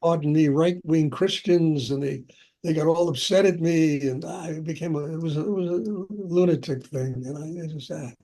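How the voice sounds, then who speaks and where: A man's voice: fairly high pitch, moderate pace, dark tone. An older man, a spiritual teacher, telling personal stories in a chatty way and laughing often during a question-and-answer talk. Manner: chatty, anecdotal, laughs often, frequent "you know".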